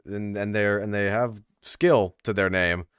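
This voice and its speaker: A man's voice: fairly low pitch, a little slow, clean tone, no echo, clean studio sound. A young man casually commentating a game tournament on a stream, chatting with viewers. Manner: chatty, lively, talks to the chat. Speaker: tournament caster.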